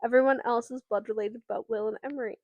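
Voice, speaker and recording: Higher-pitched woman recapping a book. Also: fairly even intonation, quick pace, darkish tone, no echo, highs cut off. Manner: recapping plot with fillers and swearing. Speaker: podcast co-host. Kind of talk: casual book discussion.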